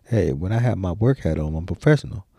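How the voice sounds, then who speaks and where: A man's voice: low voice, animated, quick pace, creaky, warm tone, breathy edge, no room sound, studio quality. A man co-hosting a podcast, easygoing and playful in slangy casual chat. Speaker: podcast co-host.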